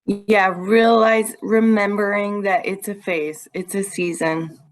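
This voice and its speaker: A woman's voice: mid-range voice, steady tone, slow. Frank, upbeat woman podcast host. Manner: frank and upbeat, with casual swearing. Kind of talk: casual chat.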